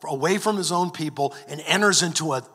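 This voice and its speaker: A man's voice: on the high side, brisk, sharp tone, breathy edge. A man preaching a sermon, earnest, often restarting and repeating words. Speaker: pastor. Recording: long hall reverb.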